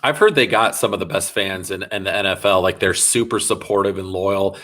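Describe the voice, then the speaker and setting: Man, podcast host, casual chat, enthusiastic, lowish voice. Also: fairly quick, pushed and bright. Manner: enthusiastic, eager interviewer.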